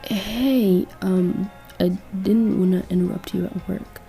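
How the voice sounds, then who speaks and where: A woman's voice: mid-range voice, fairly even intonation, slow, vocal fry, mellow, soft background music. A woman voicing a caring, sheepish young male ninja turtle in a fan-made story, apologetic and earnest.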